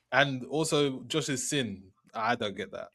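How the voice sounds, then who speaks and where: A man hosting a casual chat, laughing often and talking in an animated way. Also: medium pitch.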